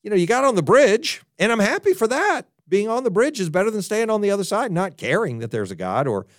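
A man preaching as a pastor in a conversational sermon, animated and talking straight to his listeners with asides. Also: sits high, fairly quick, dry recording, studio quality.

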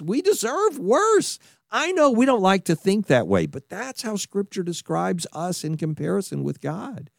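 Animated man preaching a sermon. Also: sits high, no room sound, studio quality. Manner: animated, conversational preaching with frequent restarts and asides. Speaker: pastor.

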